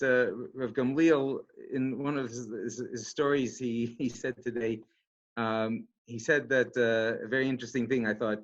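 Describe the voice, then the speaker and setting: Man, rabbi, casual talk, halting, middle pitch, dull lo-fi sound. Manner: halting, many restarts. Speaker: rabbi speaker.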